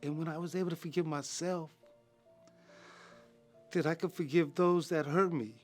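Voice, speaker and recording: A man in his fifties from California gives a personal testimony as a ministry program graduate, talking in an earnest, casual way with slang and many halting repeated words. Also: a little high, steady tone, darkish tone, faint music behind. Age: 50s.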